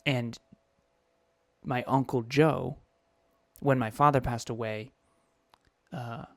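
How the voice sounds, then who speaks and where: A man's voice: medium pitch, steady tone, slow pace, fairly bright tone, dry recording. A man in his thirties co-hosting a podcast, telling a personal story in an emotional, confessional way with frequent restarts. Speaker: podcast co-host.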